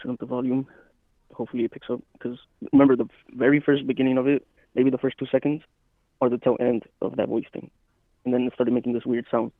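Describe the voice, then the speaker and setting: A man's voice: medium pitch, level tone, quick pace, dry recording. A man telling a rambling story in casual podcast chat, often quoting himself, as a guest calling in by phone. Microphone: phone call. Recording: tinny phone line.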